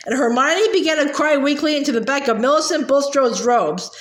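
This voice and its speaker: A woman narrating an audiobook in a steady, lightly expressive storytelling manner, with small slips, in an indoor room. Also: high-pitched, a little fast, few pauses. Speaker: audiobook reader. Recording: roomy echo.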